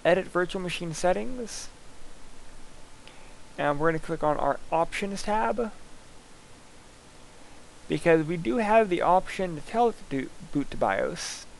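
A man instructor talking casually through a screen-recorded software lab, thinking aloud as he clicks through each step. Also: high voice, animated, a little slow, creaky, pauses often, slight background noise, poor audio.

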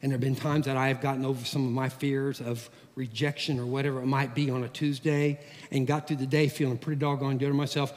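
A middle-aged man, a pastor, preaching a sermon in a church, with a folksy, animated manner and homey everyday stories. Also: mid-range voice. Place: church sanctuary. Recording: long hall reverb.

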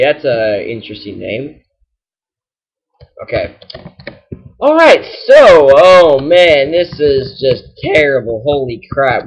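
Excitable young gaming commentator. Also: male voice, a little high. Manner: excitable, exasperated, yells at enemies. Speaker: gaming channel host. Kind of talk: casual let's-play commentary.

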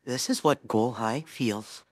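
A woman's voice: a bass voice, slow pace, a little mellow, dry recording, studio quality, full character voice. A woman voicing a flustered teenage boy hero-in-training, rambling anxiously and talking himself up in a listener role-play. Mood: pleading. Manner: rambling, anxious, self-encouraging.

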